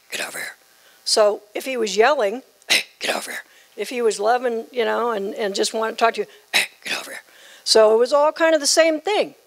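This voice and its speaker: A woman's voice: medium pitch, vocal fry. A woman in her sixties from the southern United States, giving a joking, emphatic keynote speech. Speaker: keynote speaker. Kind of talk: humorous after-dinner speech.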